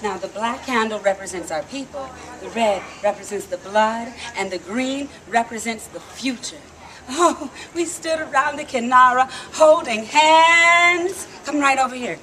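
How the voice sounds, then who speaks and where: High-voiced woman storyteller, lively. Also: unhurried. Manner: lively, coaxing the crowd to call back. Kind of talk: live storytelling to an audience. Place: outdoor theme park stage. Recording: noisy live outdoor recording.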